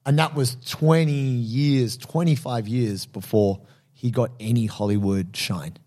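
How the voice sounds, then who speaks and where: A man co-hosting a casual podcast chat. He tells film stories with eager enthusiasm and breaks into quick impressions of the people in them. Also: medium pitch, mellow. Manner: enthusiastic storyteller, fond of film trivia. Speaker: podcast co-host.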